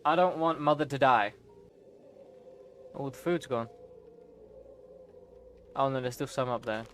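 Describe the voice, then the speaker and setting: A man's voice: medium pitch, unhurried, slight background noise. A young man streaming a game, reacting emotionally with gasps, laughter and sudden outbursts. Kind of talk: live gameplay reaction.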